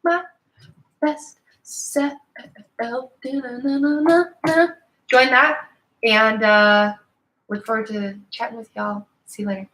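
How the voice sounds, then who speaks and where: A woman's voice: mid-range voice, fairly even intonation, slow, bright, forceful tone, poor audio. A woman in her thirties hosting a live-stream motivational talk in a casual, earnest, chatty way with slang. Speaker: host of a live video show.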